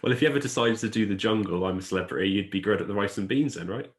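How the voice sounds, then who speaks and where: A man hosts a casual podcast interview and keeps it moving with encouraging remarks and questions. His voice sits on the low side for a man. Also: racing. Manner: encouraging, with short agreeing replies. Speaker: podcast host.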